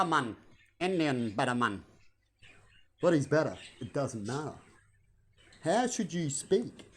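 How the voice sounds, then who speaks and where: A man, rambling through a casual vlog monologue full of rhetorical questions. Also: a little high. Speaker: vlogger.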